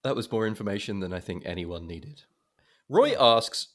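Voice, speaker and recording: A man with a low voice hosts a relaxed film podcast. He talks in an animated, self-mocking way and swears freely. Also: moderate pace. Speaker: podcast host. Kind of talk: casual podcast chat.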